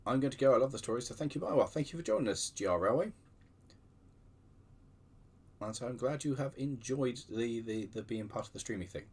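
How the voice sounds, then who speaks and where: A man's voice: mid-range voice, fairly quick, long pauses, breathy edge. A man hosting a casual livestream, chatting in a rambling, self-deprecating way with many restarts, keyboard typing behind him. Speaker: livestream host.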